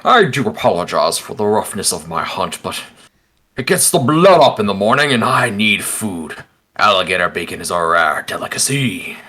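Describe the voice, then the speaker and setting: A man's voice: lowish voice, very animated, bright, forceful tone, husky, exaggerated voice. A man putting on a pompous hippo captain. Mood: courtly. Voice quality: pompous, slow and grand. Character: huge pompous male hippo ship captain.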